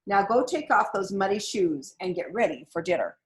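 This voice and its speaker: A woman's voice: medium pitch, animated, moderate pace, close to an everyday voice. Woman reading a weary, dismissive storybook dad. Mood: teasing. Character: busy, skeptical father, weary and dismissive. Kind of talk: storybook read-aloud.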